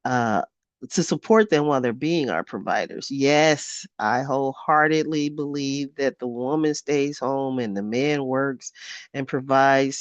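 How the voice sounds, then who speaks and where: A woman's voice: rumbling low, no room sound, lo-fi sound. A woman in her fifties reading her own journal aloud in a candid vlog. She talks frankly, swears freely and often laughs at herself. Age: 50s. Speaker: vlogger.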